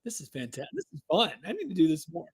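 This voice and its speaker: A man's voice: on the high side, huge pitch swings, quick pace, breathy edge. A man hosting a live stream giveaway, chatting to viewers and drawing out the suspense. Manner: hypes and drags out suspense, talks to chat.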